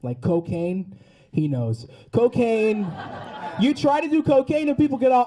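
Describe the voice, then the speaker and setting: Young male comic with a Boston accent, high voice, mellow tone, loose crowd work on a studio stage. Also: huge pitch swings, a little slow. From Massachusetts. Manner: loose, chatty crowd work with swearing and frequent laughs. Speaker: stand-up comedian. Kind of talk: stand-up comedy set. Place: studio stage before a live audience.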